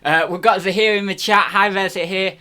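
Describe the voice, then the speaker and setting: Guy rambling on a live stream, bit higher pitched, pokes fun at himself. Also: fairly even intonation, fairly quick, pushed and bright, smooth. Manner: rambling, self-deprecating, chatty with restarts. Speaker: reselling streamer host. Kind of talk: casual live stream chat.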